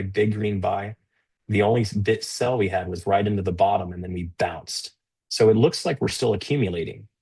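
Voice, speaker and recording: A man's voice: lowish voice, husky. A man hosting a live trading stream, talking through the market casually with fillers and restarts. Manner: conversational, with many fillers and restarts; stern and scolding toward a rude chatter. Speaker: live trading show host.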